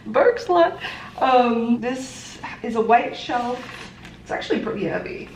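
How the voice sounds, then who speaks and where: A woman's voice: fairly high pitch, steady tone, unhurried. Chatty young woman vlogging, echoey room. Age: 20s. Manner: chatty, rambling, often laughing. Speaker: lifestyle vlogger. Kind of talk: casual vlog talk to camera. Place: apartment and city streets. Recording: echoey room, faint ambient noise.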